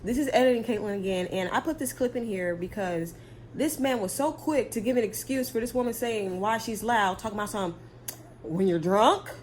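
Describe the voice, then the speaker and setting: A woman's voice: a little high, a little fast, darkish tone, a little hiss or hum. A young woman giving casual commentary in a vlog, sassy and emphatic, firing off rhetorical questions. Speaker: commentary vlogger.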